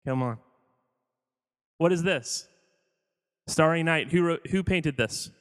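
A man's voice: a little high, takes it slowly. A man preaching a sermon as pastor in a casual, joking way, asking the audience questions as he goes. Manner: conversational, jokey, quizzes the audience. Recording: long hall reverb.

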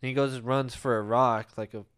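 Guy telling a wild fight story, swears a lot, smooth clear voice. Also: medium pitch, a little fast. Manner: profane, animated storyteller who acts out quotes. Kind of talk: casual storytelling.

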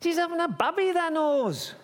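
A man voicing a small boy who plays Joseph in a school nativity, pleading and shouting in dialect, in a church. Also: mid-range voice, quick pace, natural voice. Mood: insistent pleading. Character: small boy playing Joseph, shrill and insistent. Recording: long church reverb.

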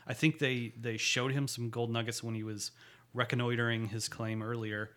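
Bright-voiced man chatting casually. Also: medium pitch, flat delivery, moderate pace. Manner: chatty, laughs often, quotes characters in voices. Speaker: podcast co-host. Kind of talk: casual chat recapping a TV episode.

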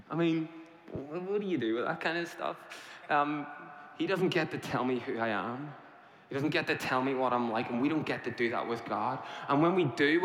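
A man's voice: on the high side, a bit bright, slight background noise. A man preaching a sermon, emphatic and repetitive, posing rhetorical questions to his congregation. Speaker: pastor. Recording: echoey hall reverb.

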